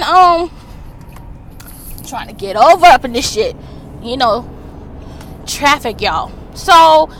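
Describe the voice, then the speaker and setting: A high-voiced woman, ranting loudly and profanely into a phone camera. She talks from her car in traffic, and faint road noise hums under her voice. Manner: loud, profane, fired-up ranting. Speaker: gossip vlogger. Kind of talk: casual ranting commentary.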